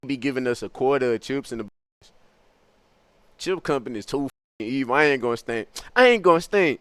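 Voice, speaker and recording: Smooth-voiced young man riffing profanely. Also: medium pitch, brisk, no room sound, studio quality. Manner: profane, musing, animated. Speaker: streamer. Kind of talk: rambling comic stream monologue.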